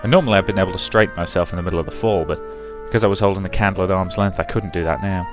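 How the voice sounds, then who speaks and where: A man hosting a let's play, reading a visual novel aloud with brisk narration and chatty asides. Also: deep voice, steady tone, over music.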